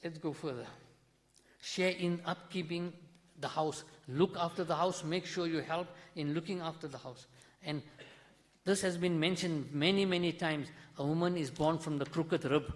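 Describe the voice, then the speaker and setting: A man's voice: fairly high pitch, moderate pace. A man with a South African accent giving an earnest, conversational sermon in a mosque, telling stories along the way. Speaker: mufti giving a talk in a mosque. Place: mosque hall. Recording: long reverb of a mosque hall.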